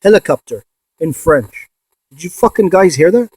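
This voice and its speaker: A man in a ghost box session vlog, excitedly calling out to spirits and swearing when he insists to viewers. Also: a little high, moderate pace, slightly rough, no echo. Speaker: paranormal investigator.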